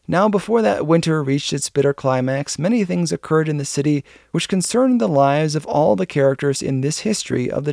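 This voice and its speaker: A man narrating an old novel as an audiobook, in a steady, earnest storytelling manner. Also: on the high side, vocal fry, no echo, clean studio sound.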